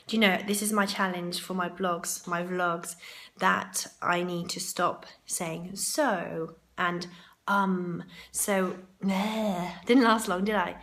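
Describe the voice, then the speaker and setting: A chatty woman talks straight to camera, rambling through her day. Her throat is sore and groggy, and a gravelly fry runs under her voice. She sounds casual and unscripted. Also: medium pitch, a bit bright. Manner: chatty and rambling, with asides to herself. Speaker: vlogger. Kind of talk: chatty vlog monologue. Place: hotel ladies' room for part of it.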